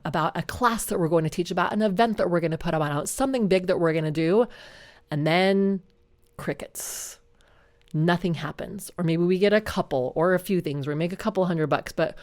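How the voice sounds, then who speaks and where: A woman hosting a podcast, telling a personal story in an earnest, reflective way that turns animated at times. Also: fairly low pitch. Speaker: podcast host.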